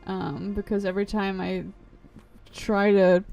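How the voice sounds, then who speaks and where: A woman with a medium-pitched, unhurried voice and some vocal fry streams a video game. She chats casually, rambling and swearing, often cutting herself off mid-sentence. Loud game music plays under her voice.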